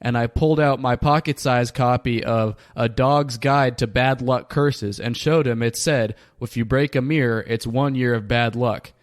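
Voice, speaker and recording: A man hosting a comedy podcast, reading absurd diary entries in a deadpan, dry delivery. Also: mid-range voice, moderate pace, hardly any pauses, dry recording. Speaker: podcast host.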